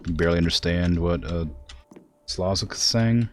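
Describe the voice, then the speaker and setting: A man's voice: normal speed, slight background noise. A man streaming a video game, chatting casually with his viewers and talking to the game, laughing often. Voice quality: deep low voice. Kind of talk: casual gameplay commentary.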